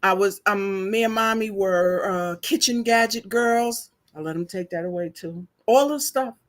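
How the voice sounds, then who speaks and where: An older woman vlogger tells her viewers a story slowly and chattily in a medium-pitched voice, growing emotional, teary and sniffling as she goes.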